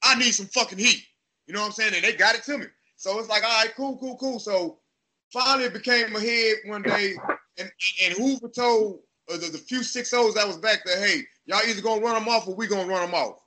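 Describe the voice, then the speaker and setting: A man in his thirties with a Texas accent, hosting a casual chat and telling profane, animated stories about his past. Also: high voice, a little fast. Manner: profane, animated storytelling, acts out voices. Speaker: podcast host.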